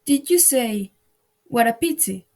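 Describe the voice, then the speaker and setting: A woman reading an audiobook, voicing an anxious, timid male rabbit who talks in a hushed, hurried way. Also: a little high, lively intonation.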